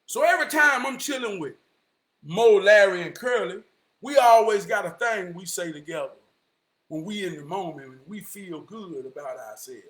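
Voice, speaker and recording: A man telling a long casual story, animated, often shouting and slipping into the voices of his friends. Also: high voice, moderate pace, roomy sound.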